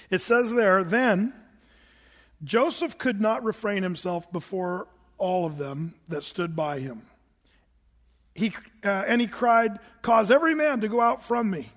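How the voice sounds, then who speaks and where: A man preaching a sermon as pastor, animated and acting out voices with big pitch jumps. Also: in a large hall.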